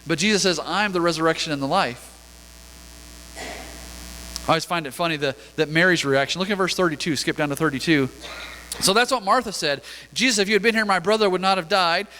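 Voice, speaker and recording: Male pastor, conversational sermon with scripture reading, forceful tone, church hall reverb. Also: a little high, fairly quick, a little hiss or hum.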